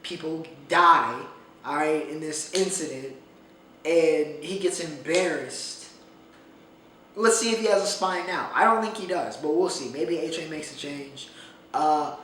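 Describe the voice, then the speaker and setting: A man hosts his own podcast, his voice sitting a little high for a man. He talks in an animated, emphatic way and leans on repeated phrases. He sits back from the mic in a very echoey room with faint noise underneath. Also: recorded from a distance. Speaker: podcast host. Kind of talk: casual solo commentary.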